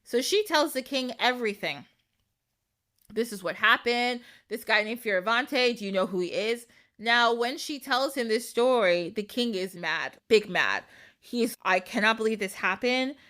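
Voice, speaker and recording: Young woman podcaster telling a story, lively, swears a lot, kinda high voice. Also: unhurried. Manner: animated, swears freely, acts out quotes. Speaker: podcast host. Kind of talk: casual storytelling.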